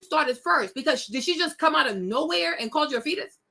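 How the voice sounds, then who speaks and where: Talking a little fast in a high-pitched, gravelly voice, this young adult West African woman hosts a vlog. She addresses viewers directly in an animated, emphatic monologue, laughing often and calling them y'all and girl.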